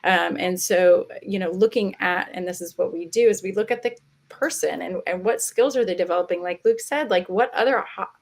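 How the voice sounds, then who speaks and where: Woman panelist, low gravelly voice, chatty and conversational, on a video call. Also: fairly quick. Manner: chatty, repeats words, acts out quoted dialogue. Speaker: webinar panelist, parent. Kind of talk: casual webinar discussion.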